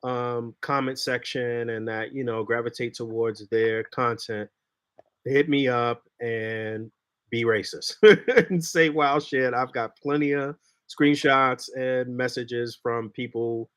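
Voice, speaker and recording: A man's voice: medium pitch, fairly even intonation, slow pace, fairly bright tone, clear, resonant tone, dry recording. A man co-hosting a podcast in casual chat, agreeing bluntly and stammering through restarts. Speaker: podcast co-host.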